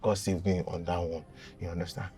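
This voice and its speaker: A young Nigerian man telling a funny confession story in a casual, dramatic and animated way, with a gravelly voice. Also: deep voice, a little fast, far from the mic. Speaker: guest.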